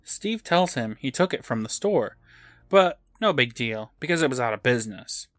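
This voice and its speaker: A man's voice: medium pitch, animated, moderate pace, dry recording, clean studio sound. A man co-hosting a podcast, casually recapping an episode with laughs and acted-out quotes. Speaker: podcast co-host.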